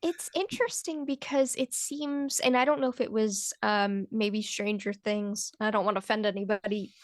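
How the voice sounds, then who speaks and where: A woman's voice: mid-range voice, steady tone, normal speed, dry recording, studio quality. A woman hosting a podcast, chatting in an easygoing way with laughs and hesitant asides. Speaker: podcast host. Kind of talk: casual chat.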